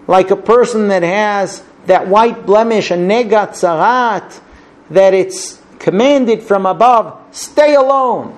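A man teaching a Torah class, speaking with passion and rhetorical questions, and now and then chanting verses in Hebrew. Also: high-pitched. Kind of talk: Torah class on the Book of Lamentations.

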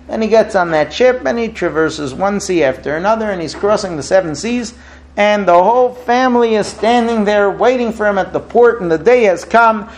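A man's voice: high-pitched, rough recording. A man giving a religious talk, telling a parable and acting out its dialogue with rising emotion. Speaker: rabbi. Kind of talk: sermon with a parable.

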